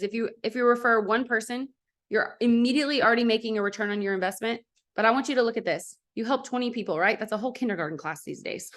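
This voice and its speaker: A woman in her thirties giving an upbeat motivational sales pitch for a network marketing business, talking straight to her audience. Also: a bit bright. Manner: upbeat, addresses the audience directly.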